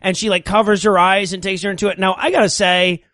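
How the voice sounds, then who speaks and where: A man's voice: high voice, level tone, fairly bright tone, dry recording, clean studio sound. A man co-hosting a comedy podcast, riffing sarcastically on a movie and laughing easily. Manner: sarcastic, quick to laugh, slips into silly voices. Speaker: podcast co-host.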